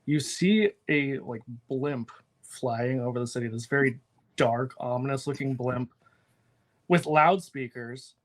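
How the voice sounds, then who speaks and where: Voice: medium pitch, measured pace. Chatty game master narrating a superhero game. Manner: laughs often, hesitant fillers while describing scenes.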